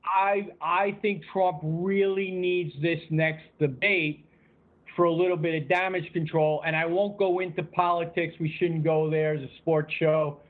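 A man's voice: on the high side, fairly even intonation, unhurried. A man calling in as a guest on a sports show, wry and self-deprecating in casual talk. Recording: tinny phone line.

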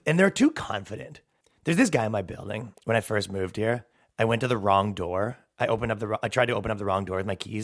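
A man's voice: mid-range voice, fairly bright tone. A man hosting a podcast, ranting sarcastically with lots of swearing and mocking impressions of other people. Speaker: podcast host. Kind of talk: profane comedic rant. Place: downtown New York apartment.

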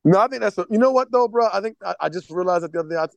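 A young man co-hosting a casual podcast, talking fast in a high, gravelly voice that swings all over. He is blunt and profane and acts out quotes as he tells his stories. The sound is close and dry. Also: no echo. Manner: blunt, profane, animated storytelling with acted-out quotes. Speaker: podcast co-host. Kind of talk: casual chat.

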